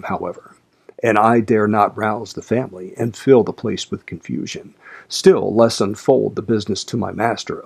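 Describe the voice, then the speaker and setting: A man reading a classic novel aloud as audiobook narration, in a measured, slow, even delivery. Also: lowish voice, vocal fry, slightly rough. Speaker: audiobook reader.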